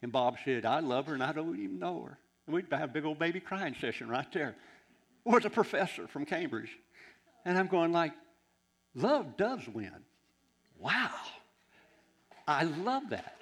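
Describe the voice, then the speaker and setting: A man preaching a sermon, telling a long story in a rambling, animated way with asides and laughter. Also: fairly high pitch, brisk, creaky.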